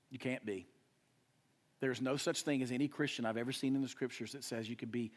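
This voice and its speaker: A young adult male pastor preaching a sermon, swinging between loud emphatic rises and hushed, quiet drops. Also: mid-range voice.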